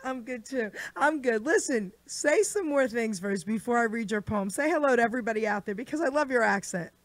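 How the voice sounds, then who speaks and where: A woman's voice: a little high, animated, a little fast, no echo. A woman hosting a radio show, chatty and gushing with her guest, reading out a rhyming poem. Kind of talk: casual radio chat.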